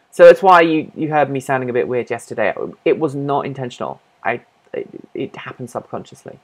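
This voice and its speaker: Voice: mid-range voice, unhurried. A host from Norfolk, England, with an accent that mixes British and American English, chatting casually on a livestream and answering viewer questions while thinking aloud and correcting themself. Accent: mixed British and American English.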